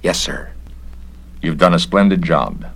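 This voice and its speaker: A man reading a story aloud, voicing a quiet, loyal male servant who speaks softly. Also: sits low, unhurried. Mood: deferential. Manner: soft and subdued.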